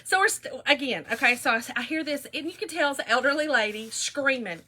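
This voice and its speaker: A woman's voice: high voice, a little fast. A woman telling a story casually to viewers while she works on a craft project. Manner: chatty, animated, addresses viewers as y'all. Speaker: craft vlogger.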